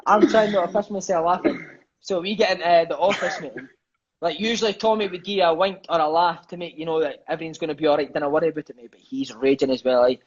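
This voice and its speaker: A lively Scot in his thirties, formerly a footballer, recounts stories in casual conversation, peppering them with "mate," "eh," and free swearing. His voice is a little high and fast. The recording's highs are cut off.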